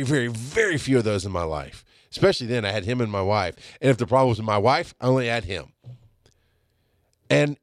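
Man, late 30s, podcast host, blunt and animated, swears freely, mid-pitched voice, dry close sound. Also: no echo. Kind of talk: casual monologue.

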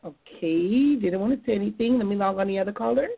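A woman hosting a call-in talk show, brisk and encouraging as she takes callers. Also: medium pitch, vocal fry, slightly rough. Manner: brisk, encouraging, with frequent affirming murmurs. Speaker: show host. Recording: tinny phone-line audio.

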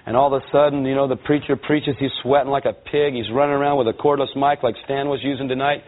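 Male guest speaker, from Los Angeles, lively testimony storyteller, middle pitch, tinny phone-like audio. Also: fast talker. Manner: lively storyteller who acts out voices and quotes. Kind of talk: storytelling testimony before a church audience. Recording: tinny, narrow-band sound.

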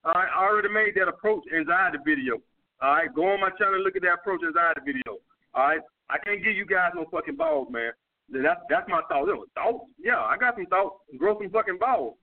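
A man's voice: high-pitched, lively intonation, a little fast. A man with a New York accent, working as a dating coach, giving blunt, profane advice in casual street slang while answering viewer questions. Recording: tinny phone-like audio.

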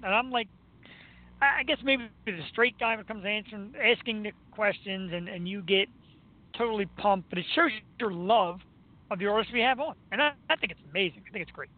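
Man, Philly accent, radio host; high voice, excitable and rambling, thin phone-like sound. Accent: Philadelphia. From Philadelphia. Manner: excitable, rambling, laughs often. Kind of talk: casual chat.

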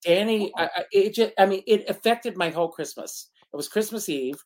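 A man's voice: high-pitched, a little fast. A man co-hosting a talk show, telling a personal story with dramatic flair and laughing through the sad parts. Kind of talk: casual chat, personal storytelling.

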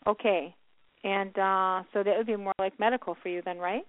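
A woman's voice: mid-range voice, fairly even intonation, a little fast, no room sound. A woman hosting a call-in psychic radio show, calling her callers honey. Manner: warm, calls callers honey. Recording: tinny phone line, dry.

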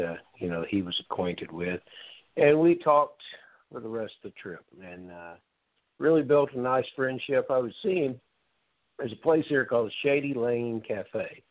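A man's voice: mid-range voice, no room sound. A man in his usual speaking range reminisces casually as co-host, with easy fillers and trailing sentences. The sound is dry and narrow, like a phone call. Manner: reminiscing, loose and conversational with fillers. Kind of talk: casual storytelling. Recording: dry phone-line audio.

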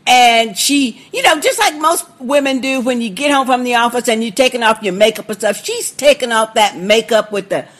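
A woman's voice: fairly high pitch, moderate pace, hardly any pauses, fairly bright tone. A woman co-hosting a podcast in casual chat, chatty, with frequent filler words. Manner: chatty, backchannels a lot, stumbles with uh. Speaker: podcast co-host.

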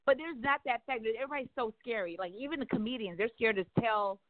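A woman's voice: on the high side, fast, dry recording. A woman guest talking candidly and bluntly about dating, outgoing and outspoken, cursing freely. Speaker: guest on a talk show. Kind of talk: casual candid conversation. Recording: phone-like dry narrow sound.

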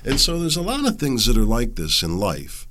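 A man with a head cold hosts a podcast in a casual monologue, rambling and folksy with lots of fillers. His mid-range voice is pushed and bright, moving at a moderate pace with huge pitch swings.

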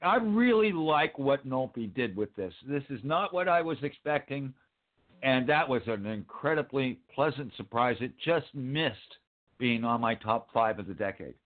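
A man's voice: medium pitch, animated, normal speed. A man in a casual film chat, thoughtful and often repeating words as he thinks. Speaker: podcast co-host. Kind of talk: casual chat about films. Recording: tinny phone-like sound.

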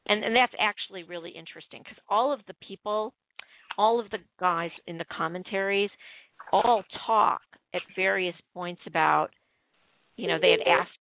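A woman's voice: medium pitch, a little slow, vocal fry, no echo. A woman on a call-in show, chatting at length and reading her own review aloud over the phone. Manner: talkative, running on in long explanations. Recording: tinny dry phone line.

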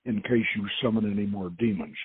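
Male reader playing a gruff colonel, curt and barking, husky, flat dry radio. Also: lowish voice, brisk, dry recording. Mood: brusque. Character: brusque male special forces colonel. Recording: dry phone-like radio sound.

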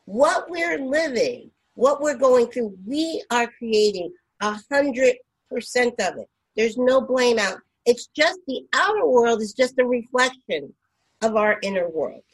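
A woman's voice: fairly high pitch, expressive, unhurried, breathy edge, low-quality recording. A woman hosting a spiritual radio talk show, speaking heartfelt and emphatic, with frequent stumbles and restarts.

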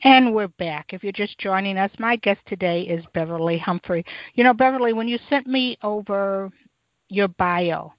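A woman's voice: medium pitch, moderate pace. A woman hosting a radio interview show, talking in a conversational, chatty way. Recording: dry, dull lo-fi radio sound.

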